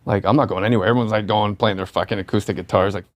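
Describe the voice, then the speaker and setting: A man's voice: on the low side, steady tone, very fast. A man telling funny anecdotes as a guest on a podcast, laughing through his own stories. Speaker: guest comedian.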